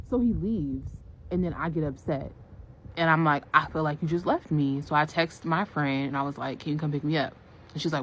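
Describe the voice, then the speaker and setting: Low-voiced woman retelling a date. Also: slight background noise, low-quality recording. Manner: animated, emotional retelling. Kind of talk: storytelling to camera.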